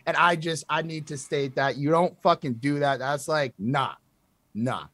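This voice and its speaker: A man's voice: a little high, a little slow, a bit bright, no echo. A young man co-hosting a casual music review chat, blunt and emphatic, often restarting his sentences. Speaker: podcast co-host reviewing music.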